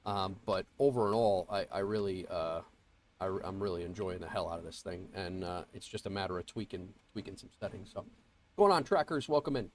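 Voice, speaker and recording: A congested man hosts a flight sim livestream, his voice a little low and stuffy from a cold. He rambles along in casual chat, full of fillers and false starts, calling out viewers by name. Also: animated, a little fast. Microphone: earbuds mic.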